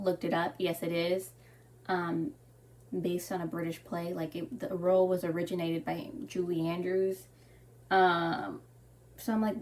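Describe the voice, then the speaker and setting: A woman's voice: mid-range voice, moderate pace, a little mellow, far from the mic. A young woman ranting in a casual, opinionated way, full of fillers and restarts. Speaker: fashion commentary vlogger. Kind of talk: casual rant.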